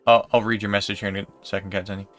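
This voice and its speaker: A man livestreaming while gaming, telling a long story in a rambling, unhurried way with lots of fillers. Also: lowish voice, level tone, a bit bright, soft background music.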